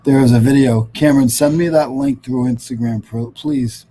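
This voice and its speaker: A man's voice: mid-range voice, steady tone, moderate pace, warm tone, low-quality recording. A middle-aged man from Rhode Island hosting a casual livestream chat over a video call, rambling with lots of fillers and restarts. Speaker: host.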